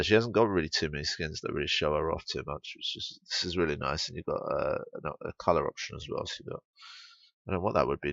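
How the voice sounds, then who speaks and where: A man's voice: a bass voice, vocal fry, fairly bright tone, no echo, lo-fi sound. A young English man giving blunt, sweary, rambling commentary on a game patch. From England.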